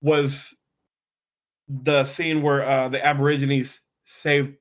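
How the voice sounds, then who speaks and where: A man's voice: mid-range voice, little pitch movement, slow. Casual podcast host man, reading trivia. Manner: reads trivia, swears casually. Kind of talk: casual movie podcast chat.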